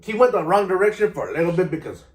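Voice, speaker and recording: A man's voice: high-pitched, big pitch swings, very fast, echoey room. A middle-aged man, telling stories casually to camera in a laid-back, slangy way. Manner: laid-back, slangy, keeps saying "you know" and "vato". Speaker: vlogger.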